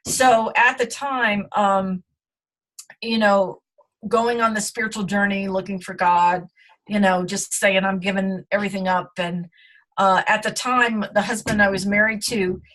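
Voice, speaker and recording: A woman's voice: mid-range voice, steady tone, measured pace, fairly bright tone. A middle-aged woman, a guest in an interview, telling her story in an earnest, reflective way with many fillers.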